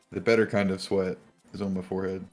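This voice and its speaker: Low-voiced man, casual tabletop player, laughs and swears. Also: steady tone, normal speed, a little mellow, faint music behind. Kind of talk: casual role-play chat.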